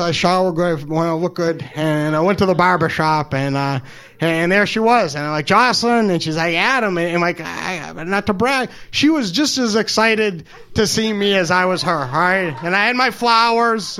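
A man telling a personal story, halting and stammering, openly emotional and self-deprecating. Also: high voice, a bit bright, smooth. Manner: halting, stammers and repeats words. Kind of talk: personal story told live.

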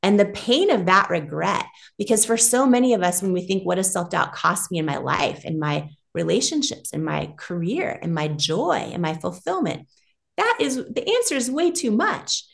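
Animated woman telling a personal story. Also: on the low side, normal speed, creaky, hardly any pauses. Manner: animated, emotional storytelling with quoted voices. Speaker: podcast guest, entrepreneur. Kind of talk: storytelling in a conversational interview.

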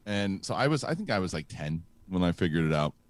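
A middle-aged man hosts a casual live show, telling a story with lots of restarts and fillers. His voice sits low. The sound is dry and close. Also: sing-song, fast, no echo. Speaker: host.

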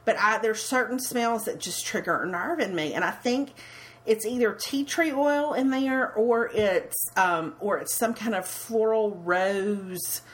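Woman, forties, podcast co-host; chatty, repeats herself, mid-pitched. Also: a bit bright. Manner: chatty, restarts and repeats words. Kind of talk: casual chat.

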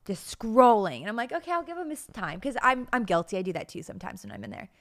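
A young adult woman co-hosts a podcast, chatting casually and telling stories in which she acts out quoted lines and laughs often. Her medium-pitched voice is sing-song, fast and a bit bright, with some vocal fry.

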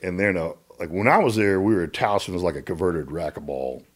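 A middle-aged American man with a very deep, husky voice tells stories in a casual interview. He speaks with energy and often repeats words as he builds to a point. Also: a little fast. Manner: animated, repeats words when excited. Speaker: guest.

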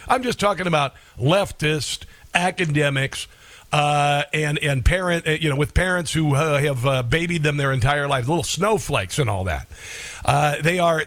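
A man's voice: fairly high pitch, a bit bright, no echo. Sarcastic male talk radio host, dry mic. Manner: combative, sarcastic, chuckling.

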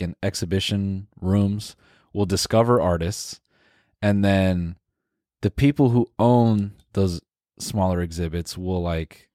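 A man's voice: low-pitched, a little mellow, no room sound, clean studio sound. A man co-hosting a podcast in casual chat, laid-back and full of filler words. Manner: laid-back, uses filler words, says bro and dude. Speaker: podcast co-host.

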